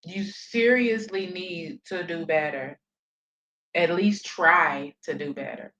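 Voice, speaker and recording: A woman's voice: lowish voice, slow pace, fairly bright tone, low-quality recording. A woman giving blunt, profane, scolding reaction commentary on a livestream.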